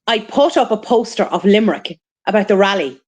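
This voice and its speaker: A woman co-hosting a casual live stream, chatty and quick to laugh. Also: medium pitch, darkish tone. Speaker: co-host.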